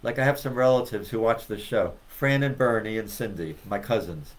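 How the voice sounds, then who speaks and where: A man's voice: lowish voice, moderate pace. A man co-hosting a casual chat, reflective and laughing often.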